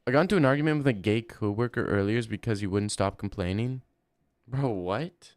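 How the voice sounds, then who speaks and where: A young man livestreaming and chatting casually, reading chat and answering with crude, deadpan banter. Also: lowish voice, a little fast, dry recording, studio quality.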